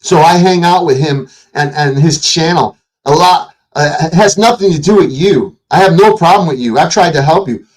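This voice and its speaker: A man with a slightly high voice rants furiously into his streaming mic, swearing constantly and jabbing at viewers in the chat. His delivery is combative and heated, a confrontational livestream tirade. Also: moderate pace, hardly any pauses, rough recording. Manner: profane, combative, shouting at chat. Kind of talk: angry livestream rant. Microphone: streaming setup mic.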